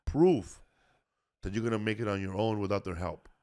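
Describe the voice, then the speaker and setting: This middle-aged podcast host has a fairly low, dark-toned voice and talks at a normal speed. He rambles through stories from his comedy tours, keeping things loose and profane and sprinkling in plenty of "bro".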